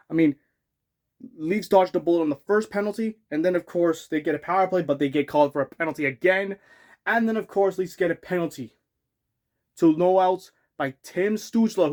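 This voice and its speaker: A man's voice: on the high side, darkish tone. Exasperated man ranting about hockey. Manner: exasperated, rambling, frequent restarts and outbursts. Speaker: hockey fan ranting on his channel. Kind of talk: unscripted sports rant.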